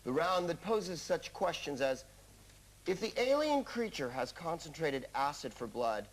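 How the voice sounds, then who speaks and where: This time the comic quiz host sounds a little high and very animated, yet unhurried, landing his scripted jokes with a wry touch. The setting is a TV studio with a live crowd, and the broadcast audio picks up loud audience noise.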